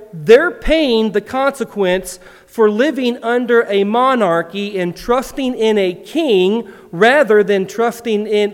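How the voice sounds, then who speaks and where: A man delivers a sermon in a high, light voice, telling a joke with animated acted-out lines before teaching. The sound carries a long reverb, as in a big hall. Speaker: pastor.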